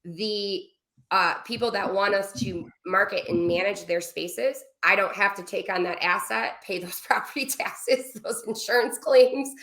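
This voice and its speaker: A woman guest on a podcast interview, explaining her business quickly with many asides. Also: medium pitch. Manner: fast, animated explaining with asides. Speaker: guest, travel business owner. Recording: roomy echo.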